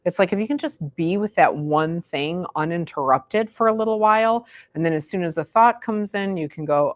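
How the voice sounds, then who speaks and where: A woman's voice: lowish voice, brisk, few pauses, dry recording. A middle-aged American woman, a meditation teacher, chatting informally and rambling a bit to her class in a meditation room. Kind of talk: casual talk to a class.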